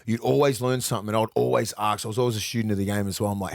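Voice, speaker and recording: A man's voice: on the low side, rapid-fire, gravelly, no room sound, studio quality. An Australian man in his forties, co-hosting a podcast in casual sports chat, telling stories with plenty of swearing. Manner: swearing, animated storytelling. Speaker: podcast co-host.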